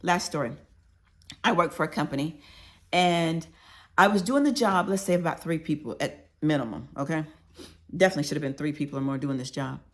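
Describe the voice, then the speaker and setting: Speaking a little fast in a low voice, a female author tells conversational workplace stories for an audiobook. She addresses listeners head-on, stressing her points while giving advice about work.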